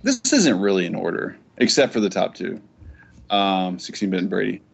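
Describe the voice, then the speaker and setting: A man hosting a casual gaming podcast, talking in a rambling, profane and excitable way. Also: sits low, moderate pace, gravelly, slightly rough. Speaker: podcast host.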